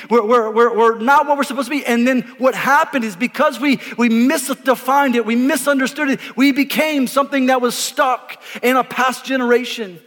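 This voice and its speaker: A man, a pastor preaching an energetic sermon, emphatic and repeating words as he calls on the congregation to answer. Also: very high voice. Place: church auditorium before a congregation. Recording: live in a reverberant hall.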